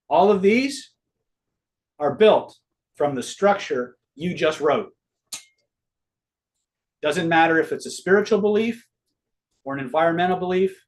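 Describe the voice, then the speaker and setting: Brief: middle-aged male coach with a slightly high voice, loose and profane, checks in with his class. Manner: casual, swears freely, quizzes the audience. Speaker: online seminar teacher. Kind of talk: live online master class.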